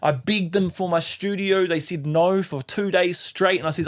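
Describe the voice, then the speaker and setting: Brief: New Zealand man, 30s, podcast guest, raw and animated storytelling, slightly higher voice, swears, mimics others. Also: moderate pace. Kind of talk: emotional storytelling.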